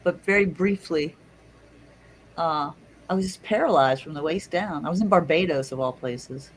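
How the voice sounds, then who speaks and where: A middle-aged woman telling a story in casual chat, lively and swearing, acting out the people she quotes. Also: low-pitched, moderate pace, rough recording. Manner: animated, swearing, acts out quotes. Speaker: guest storyteller.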